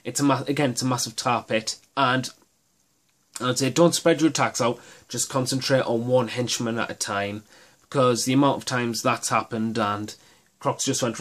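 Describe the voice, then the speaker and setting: A man's voice: medium pitch, fairly even intonation, moderate pace, a bit bright. A man hosting his own miniatures gaming channel, talking through tactics in a casual, rambling and enthusiastic way with many restarts.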